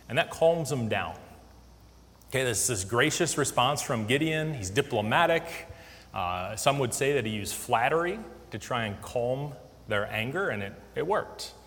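A man's voice: mid-range voice, animated, moderate pace, fairly bright tone. A man giving a casual Bible lesson, conversational, with many fillers and restarts. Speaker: Bible teacher. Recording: long hall reverb.

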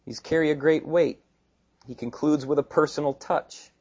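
A male pastor preaching a sermon in an animated, emphatic way, with joking asides. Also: on the high side, normal speed, breathy edge, dull audio.

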